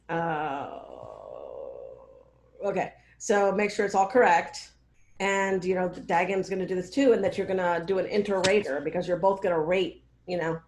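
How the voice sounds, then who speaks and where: A woman's voice: on the low side, darkish tone. Rambling woman with an echoey call sound. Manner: rambling, filler-heavy, checks in often. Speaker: research mentor. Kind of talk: casual meeting feedback.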